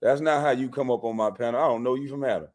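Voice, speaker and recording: A man's voice: mid-range voice, fast, a loud crowd. A man hosting a call-in livestream, arguing bluntly and profanely with callers. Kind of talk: heated call-in banter.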